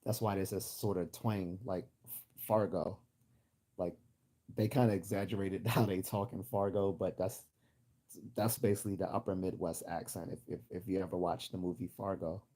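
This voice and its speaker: A man's voice: sits low, fairly even intonation, normal speed, mellow, slightly rough. A man from Baltimore hosting a livestream, chatting casually and rambling with many restarts while he answers chat comments. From Baltimore, USA. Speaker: livestream host.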